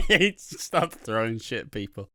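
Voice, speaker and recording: A man's voice: mid-range voice, fairly bright tone, no room sound, clean studio sound. A man, co-hosting a podcast, swearing, laughing and acting out scenes in voices. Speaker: podcast co-host. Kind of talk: casual chat recapping a soap.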